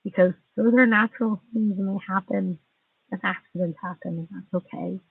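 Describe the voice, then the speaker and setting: A woman's voice: mid-range voice, fairly even intonation, normal speed, creaky, breathy edge, dry recording. A woman in her forties, venting angrily and bitterly on a livestream, sarcastic and full of swearing. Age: 40s. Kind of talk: angry venting monologue. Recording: tinny distant phone mic.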